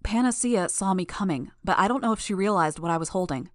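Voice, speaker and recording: A woman reading a first-person action novel as an audiobook in a steady, measured way. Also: medium pitch. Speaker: audiobook narrator.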